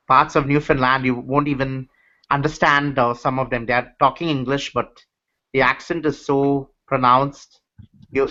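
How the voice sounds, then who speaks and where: A man from Nova Scotia with a Canadian accent, chatting casually in a live hangout, halting often with ums and repeated words. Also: medium pitch, pushed and bright. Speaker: hangout participant. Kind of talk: casual chat. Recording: dull lo-fi online call audio.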